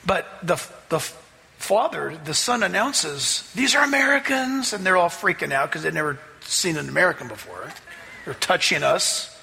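Pastor, male, high-pitched and gravelly, preaching with emphatic storytelling in a reverberant hall. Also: animated, normal speed, pushed and bright. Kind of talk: sermon.

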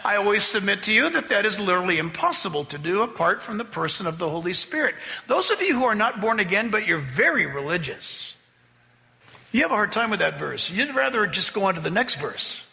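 A man's voice: sits high, big pitch swings, a little fast, vocal fry, pushed and bright. A man preaching a sermon as pastor, emphatic and exhorting, with humorous asides. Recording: long hall reverb.

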